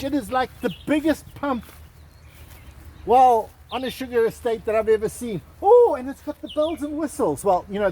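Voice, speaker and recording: A man hosting a travel vlog, chatting excitedly and jokily as he walks around an outdoor estate. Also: very high voice, breathy edge. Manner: excitable, jokey, mock salesman patter. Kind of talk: casual walking tour to camera.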